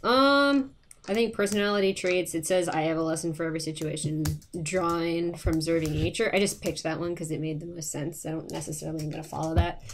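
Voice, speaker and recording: A woman's voice: deep voice, fairly even intonation, quick pace. Giggly woman joking at a game table, faint noise. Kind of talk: casual chat, reading character traits.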